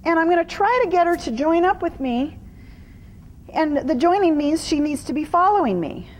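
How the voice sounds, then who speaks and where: High-voiced horse trainer lady in an arena, bouncy sing-song delivery, explaining to a crowd and cooing at the horse. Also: lively intonation, moderate pace, a little mellow, in a large hall, a little hiss or hum. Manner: explains her steps to an audience between cooing praise to a horse. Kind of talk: live demonstration commentary.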